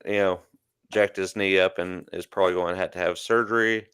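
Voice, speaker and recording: Low, smooth-voiced male podcast host. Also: steady tone, brisk, fairly bright tone, dry recording, clean studio sound. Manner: chatty, jokey, trails off. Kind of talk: casual livestream chat.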